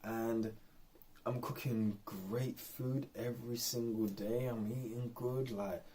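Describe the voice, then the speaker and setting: Husky-voiced man rambling candidly. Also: medium pitch, fairly even intonation, takes it slowly, warm tone. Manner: rambling and candid, lots of fillers. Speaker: vlogger. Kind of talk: unscripted personal vlog.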